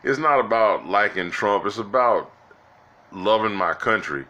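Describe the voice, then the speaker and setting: A man's voice: lowish voice, animated, a little slow, pushed and bright, lo-fi sound. A man giving rambling, exasperated political commentary to his viewers, with many restarts, calling them "guys" and "y'all". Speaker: political vlogger.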